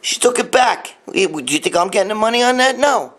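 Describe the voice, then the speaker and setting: A man in his late fifties hosts a live-stream rant through a phone or webcam, bluntly and profanely rambling as he answers viewer comments. His voice sits high and sounds expressive, fairly quick, and a little bright.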